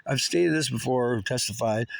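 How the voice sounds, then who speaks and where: A man's voice: mid-range voice, moderate pace, gravelly, no room sound. A man ranting in a casual monologue, rambling and agitated, with plenty of swearing.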